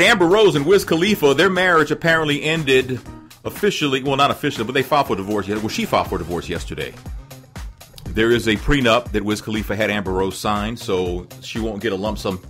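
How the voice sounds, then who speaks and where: A man runs his own celebrity-news podcast, talking loosely and riffing on each story. His voice is bright and forceful. He wanders off on tangents and chuckles at his own jokes. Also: on the low side, brisk, faint music behind. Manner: chatty, rambling, laughs at his own jokes. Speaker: podcast host. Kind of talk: casual celebrity news commentary.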